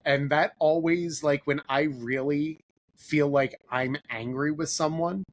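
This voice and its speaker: A man's voice: on the high side, fairly even intonation, moderate pace. A young man hosting a podcast, chatting casually with a guest. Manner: casual, conversational, some fillers. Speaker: podcast host. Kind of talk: podcast interview.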